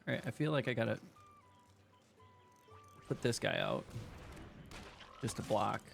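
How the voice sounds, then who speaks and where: Gravelly man chatting over a card game. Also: mid-range voice, huge pitch swings, measured pace, faint music behind. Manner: chatty, talks while eating. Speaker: streamer playing a card game. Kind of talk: casual gameplay commentary. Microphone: desk microphone.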